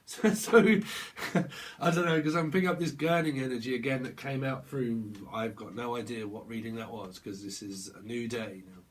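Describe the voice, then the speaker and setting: A man giving a casual, rambling tarot reading, chuckling and slipping into quick put-on voices. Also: mid-range voice. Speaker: tarot reader.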